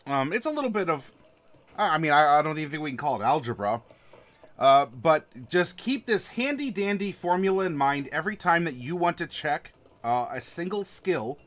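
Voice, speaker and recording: A man's voice: a little high, a bit bright. A man hosting a casual read-along review of a rulebook, rambling with plenty of fillers and a sarcastic edge. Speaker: host reviewing a game rulebook.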